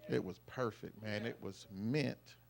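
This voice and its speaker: A middle-aged man giving an emotional, storytelling tribute to his father at a family celebration, with loud folksy bursts. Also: on the low side, a little slow, vocal fry. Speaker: eldest son giving a birthday tribute. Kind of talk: heartfelt family speech. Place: live family celebration event.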